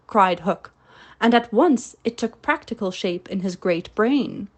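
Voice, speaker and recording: A woman reading a storybook aloud in a measured narrating style. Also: mid-range voice, lively intonation. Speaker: audiobook reader.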